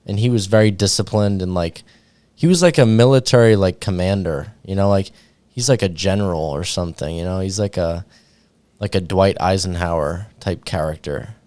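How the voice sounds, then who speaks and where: A man hosts a podcast in easy, rambling conversation, leaning on 'like' and 'dude' as he talks. His voice sits on the low side. The sound is close and dry, with no room around it. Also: normal speed, darkish tone, no echo. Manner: loose, filler-heavy, says 'like' and 'dude' a lot. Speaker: podcast host. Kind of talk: casual chat.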